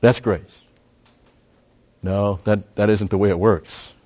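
A pastor with a lowish, steady voice speaks slowly as he teaches through scripture. He emphasizes key words with surges in volume and falls into fillers and restarts, recorded in dull lo-fi sound.

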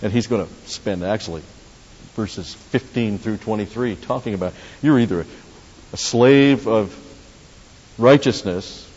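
A man's voice: lowish voice, moderate pace, a little mellow. A man preaching a sermon in a conversational way, with asides and restarts, leading the congregation in prayer. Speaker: pastor. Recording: dull roomy hall recording with faint hiss.

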